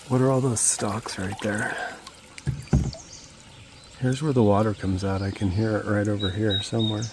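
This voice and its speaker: A man's voice: on the low side, moderate pace, long pauses. Nevada guy vlogging off his kayak, easygoing and rambly, gets all wowed by the lake, bit of outdoor noise. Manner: relaxed, rambling, easily awed by scenery. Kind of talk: casual outdoor vlog narration.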